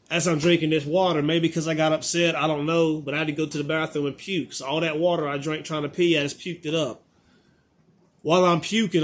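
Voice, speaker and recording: 30s guy ranting through a storytime vlog, kinda high voice, does both sides of the convo. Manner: animated, exasperated, acts out both sides of the conversation. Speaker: vlogger. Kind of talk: casual storytime monologue.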